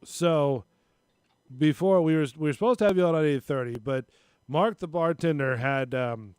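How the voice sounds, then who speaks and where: A man's voice: a little high, normal speed, darkish tone, clean tone, no echo, clean studio sound. A man hosting a casual live-stream talk show, rambling and retelling stories with little voices. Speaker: show host.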